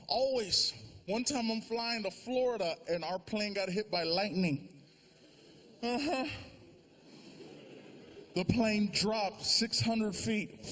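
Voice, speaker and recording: A man doing stand-up comedy on stage, telling a long story and acting out the voices of the people in it. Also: high voice. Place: large theater before a live audience. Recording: live show with loud crowd noise.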